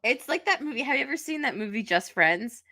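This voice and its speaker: Bright-voiced woman in chatty reminiscing. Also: a little high, animated, quick pace. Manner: chatty, laughs often, reminisces. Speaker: podcast co-host. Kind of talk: casual chat.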